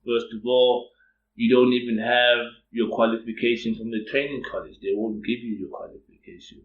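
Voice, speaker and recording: A man's voice: mid-range voice, fairly even intonation, moderate pace, highs cut off, natural voice. A man quoting a stern male manager who lectures an employee and pushes him to resign. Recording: roomy echo.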